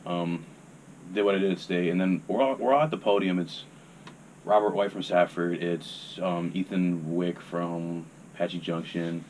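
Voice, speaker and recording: A man's voice: low voice, steady tone, a little slow, darkish tone, a little hiss or hum. A young man, a podcast guest, telling a rambling, laid-back story in casual chat and swearing freely.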